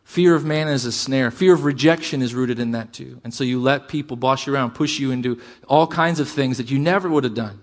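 A middle-aged man preaching a sermon as pastor, animated and shifting between loud emphasis and quiet asides. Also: medium pitch, a little fast, hardly any pauses.

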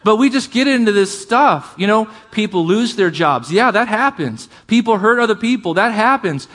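High-voiced man preaching with passion. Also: lively intonation, a bit bright. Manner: impassioned preaching with conversational asides; reads scripture aloud with drawn-out emphasis. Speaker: pastor. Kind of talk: sermon.

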